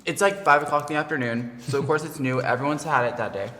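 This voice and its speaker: A young man tells a chatty story to his friends, his voice sitting a little high. The room around him rings with a long, echoey reverb. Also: fast, bright, forceful tone. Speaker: co-host of a food vlog. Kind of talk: casual chat.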